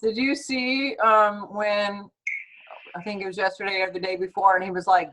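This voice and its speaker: A woman hosting a casual conversation, chatty and animated when she tells a story. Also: medium pitch, moderate pace, rough recording. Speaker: host, naturopathic doctor.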